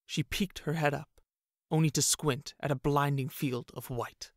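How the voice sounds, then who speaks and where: A man narrating a fantasy audiobook in a steady, even storytelling manner. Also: a little high, a little slow, no room sound, studio quality.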